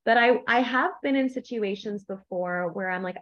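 A woman's voice: medium pitch, normal speed, hardly any pauses, fairly bright tone. A woman with a mid-range voice tells a personal story in a thoughtful, reflective way during a podcast chat. She acts out her own past thoughts as she goes. The audio is slightly dull and lo-fi.

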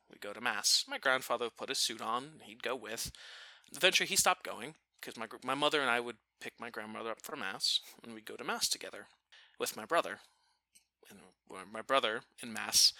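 A man telling a family story in a casual chat, animated and often breaking off to restart his sentences. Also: medium pitch, dry recording. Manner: animated, self-interrupting.

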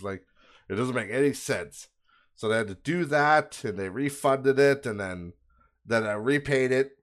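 A man's voice: mid-range voice, unhurried. A man hosting a podcast, ranting in a casual, profane and exasperated way and laughing at his own bad luck. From Canada. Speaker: podcast host. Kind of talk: casual rant.

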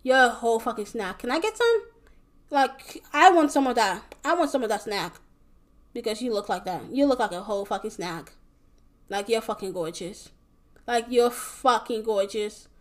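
Young woman with a high voice, solo podcast host, loose and rambling with heavy swearing and frequent restarts. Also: animated, normal speed. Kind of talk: casual solo podcast monologue.

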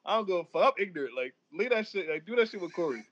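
Fast-talking man with high voice. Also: big pitch swings, heavy background noise. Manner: profane, laughing banter. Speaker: podcast co-host. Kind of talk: casual chat. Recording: dull lo-fi sound.

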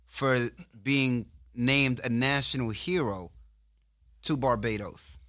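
A man co-hosting a casual podcast, with dry, facetious humor. His voice is bright and sits close and dry, with little room sound. He steers the conversation from topic to topic. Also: mid-range voice, slow pace, no echo. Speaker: podcast co-host. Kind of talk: casual chat.

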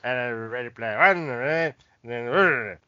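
A man's voice: mid-range voice, moderate pace, pushed and bright, highs cut off, a little hiss or hum. A man, co-hosting a podcast and rambling through a funny anecdote, laughing and swearing often. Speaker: podcast co-host. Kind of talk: casual chat.

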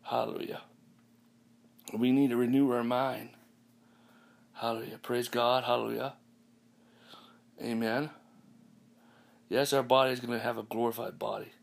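A man delivers a podcast sermon in a gravelly, creaky voice of middling pitch. He repeats his points and sprinkles hallelujahs and amens throughout. His delivery halts often, with ums and false starts. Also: little pitch movement. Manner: repetitive, peppered with hallelujahs and amens; halting, with restarts and ums. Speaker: preacher.

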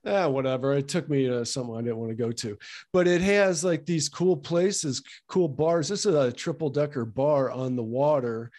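A man co-hosting a casual chat, relaxed and rambling with lots of "um" and "like". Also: medium pitch, moderate pace. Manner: relaxed, rambling, many fillers like "um" and "like". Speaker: podcast co-host.

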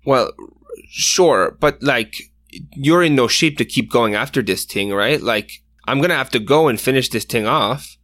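A man's voice: medium pitch, lively intonation, a little slow, a bit bright, no room sound. A man narrating a tabletop game as game master, casual and full of fillers. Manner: casual, filler-heavy, often laughing.

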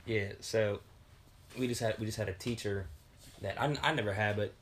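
A man's voice: lowish voice, normal speed, a little hiss or hum. A man in his twenties in a casual chat, telling a rambling, profane story and stumbling over repeated words.

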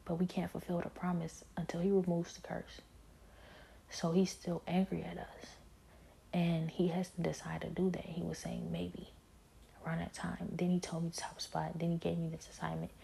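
Low, flat, gravelly-voiced woman testifying. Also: slight background noise. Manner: earnest, halting, many restarts and filler phrases. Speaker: believer sharing a personal testimony. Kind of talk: personal religious testimony.

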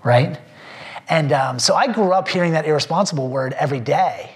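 Male pastor, testimony to a small group, earnest and rambling, voice a bit high. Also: brisk. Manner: earnest, rambling, with many fillers and restarts; emotional when telling faith stories.

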